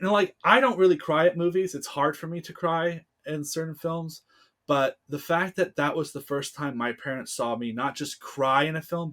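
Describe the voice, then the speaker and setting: Animated, heartfelt storyteller with a man's voice. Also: mid-range voice. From United States. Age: 30s. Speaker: podcast guest. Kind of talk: casual podcast interview.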